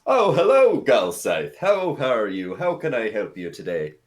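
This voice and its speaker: A man voicing a sharply dressed, fawning male human bartender in a tabletop game, speaking in a loud, eager, high voice. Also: wildly swooping pitch, moderate pace.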